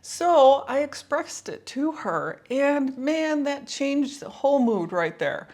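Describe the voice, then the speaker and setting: A woman's voice: sits high, big pitch swings, takes it slowly, darkish tone. Woman coach chatting in a reflective vlog. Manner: conversational, storytelling with frequent "like" and "you know". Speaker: life coach. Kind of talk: casual reflective vlog talk.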